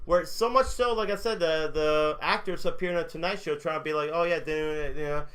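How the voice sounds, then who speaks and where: A man hosting a casual podcast, animated and acting out quotes as he talks. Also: a little high, a little fast. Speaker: podcast host. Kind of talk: casual chat.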